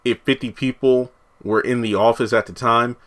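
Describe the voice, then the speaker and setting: A man's voice: mid-range voice, fairly even intonation, normal speed, fairly bright tone. A man, a TV reviewer, casually recapping an episode, rambling and correcting himself as he quotes the characters.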